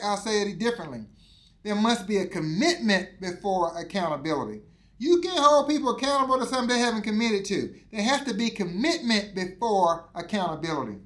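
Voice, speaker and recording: A man's voice: sits high, fairly bright tone. A man giving a motivational teaching talk, preachy and emphatic with lots of repetition. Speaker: insurance exam coach.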